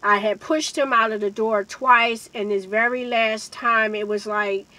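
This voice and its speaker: A woman with a fairly high, bright voice tells a personal story to her viewers. She speaks slowly and earnestly, with emphasis, and often turns to address them directly. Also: fairly even intonation, poor audio. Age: adult with a child. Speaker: vlogger telling a personal story. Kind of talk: emotional storytime monologue.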